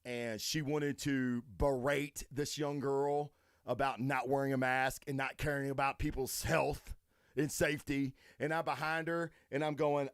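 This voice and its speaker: Man, podcast host, casual rant, profane and animated, dry close sound. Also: on the high side, normal speed, smooth, no echo. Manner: profane, animated, retells scenes acting out his own lines.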